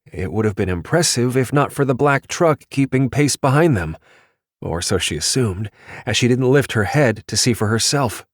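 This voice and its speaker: This is a male audiobook narrator telling the story in a calm, even way. His pitch is medium, and the recording is dry with clean studio sound.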